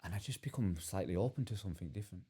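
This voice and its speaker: A man telling his own story as a podcast guest, earnest and halting with many restarts. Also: sits low, lively intonation, mellow, slight background noise. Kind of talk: candid personal storytelling.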